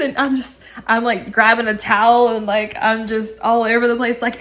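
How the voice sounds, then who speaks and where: Excitable young mom telling a story. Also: female voice, fairly high pitch, normal speed, hardly any pauses. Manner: animated, laughing, acts out her own excited quotes. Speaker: vlogger. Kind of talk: casual storytime vlog.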